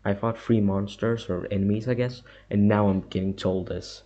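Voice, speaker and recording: A man's voice: fairly low pitch, fairly even intonation, moderate pace, warm tone, muffled recording. A young man giving a let's-play commentary on a horror game, muttering to himself and reacting nervously to scares. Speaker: gamer.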